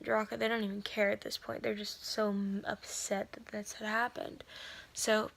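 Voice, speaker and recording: A woman's voice: medium pitch, a bit bright. A woman giving a casual spoken recap of a novel. She rambles, uses lots of fillers and corrects herself, and sometimes drops to a whisper for asides. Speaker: video creator summarizing a novel.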